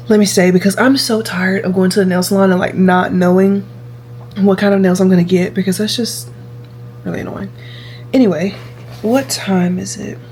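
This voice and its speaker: A woman's voice: mid-range voice, a little hiss or hum. Chatty young woman vlogging. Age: 20s. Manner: chatty, repeats herself, animated. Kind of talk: casual vlog chat.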